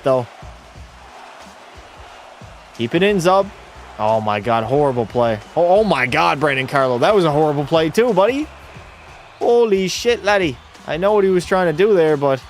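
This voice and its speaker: A young man talks through a hockey game on his live stream, calling the plays and firing blunt, jokey replies back at his chat. His voice sits a little high. Faint music plays under him. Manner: blunt, chatty, reacts to chat with jokey banter. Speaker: streamer hosting a hockey watch party.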